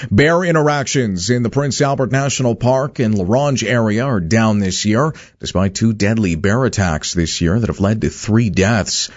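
A man reading the radio news in a steady, formal way. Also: lowish voice. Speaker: newsreader. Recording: dull lo-fi radio broadcast.

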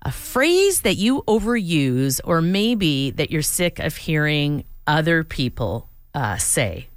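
A woman hosting a morning radio show, talking in a relaxed, chatty way with a lowish voice. She laughs easily between lines. The sound is dry and close, with no room around it. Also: slow pace, dry recording. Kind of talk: casual radio chat.

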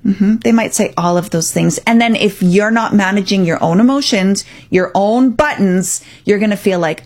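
A woman's voice: mid-range voice, moderate pace, a little mellow. A woman hosting a radio talk show, giving firm, coaching parenting advice and acting out quotes.

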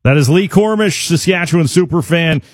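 A man's voice: on the high side, moderate pace, no room sound, studio quality. A man hosting a sports radio show, chatting casually with sarcastic banter.

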